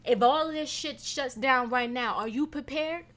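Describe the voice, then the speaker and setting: Young woman, podcast host, profane venting, bright sharp voice. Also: high voice, normal speed. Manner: animated, profane, venting, with sudden loud bursts. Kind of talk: casual solo podcast rant.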